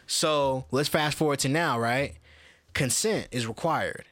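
Man, podcast co-host, casual profane chat, animated delivery, medium pitch, dry close sound. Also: dry recording. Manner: loose, profane, animated storytelling with quick voice shifts.

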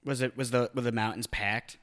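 A young man co-hosting a podcast, joking in a dry, deadpan way in casual chat. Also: medium pitch, fairly quick. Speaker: podcast co-host.

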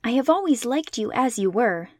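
A woman reading aloud and voicing a kind, curious young girl in a gentle, higher tone. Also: animated, moderate pace, no room sound, studio quality.

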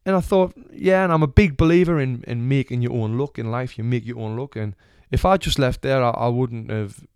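A young Englishman with a Sunderland accent, a retired boxer, tells a casual, chatty story, swearing freely and acting out its characters. His medium-pitched voice is brisk, smooth and a little mellow. The studio-quality recording has no echo.

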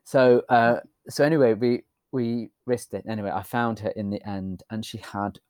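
A man's voice: on the low side, level tone, moderate pace, darkish tone, smooth, no echo. A British man in casual chat who tells a rambling anecdote in an understated way. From United Kingdom.

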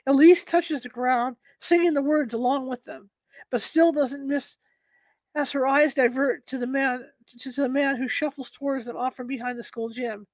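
A woman narrating a story aloud in a measured, steady way. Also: high voice, no room sound, rough recording.

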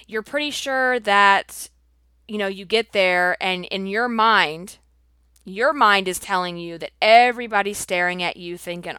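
A woman's voice: medium pitch, measured pace, bright, forceful tone, smooth, dry recording. A woman hosting her own show, talking casually and emphatically to her audience, peppering her speech with "like" and "you know.". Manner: chatty, full of "like" and "you know", personal and emphatic. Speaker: host speaking to her audience. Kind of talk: casual direct-to-camera monologue.

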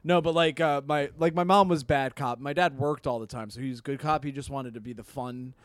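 A man's voice: medium pitch, steady tone, a little fast, no echo, clean studio sound. A young man co-hosting a podcast, telling rambling, self-mocking stories. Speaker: podcast co-host. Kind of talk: casual chat.

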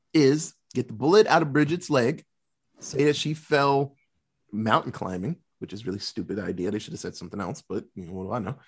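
Male podcast host, loose rambling recap delivery, average pitch, filler-heavy. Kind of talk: casual movie recap chat.

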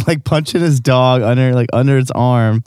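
A man's voice: medium pitch, a little mellow, clean tone, no echo. Quipping man, dry close sound. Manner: quick quips and agreeing interjections. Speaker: podcast co-host. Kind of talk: casual chat.

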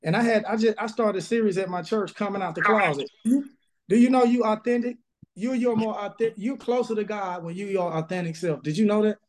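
Man, Southern pastor, high-pitched, emphatic and blunt, remote interview. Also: fairly quick. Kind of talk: casual interview, preaching energy. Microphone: video call.

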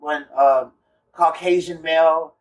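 A podcast co-host in casual chat who keeps cutting in with questions. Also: male voice, fairly high pitch, fairly even intonation, slow, distant mic, dull audio, heavy background noise. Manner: questioning, interjecting often.

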